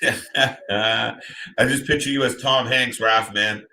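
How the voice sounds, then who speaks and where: A man's voice: mid-range voice, steady tone, slow pace, bright, forceful tone. A man hosting a live watch party, chatting casually and talking to viewers by name as he reacts.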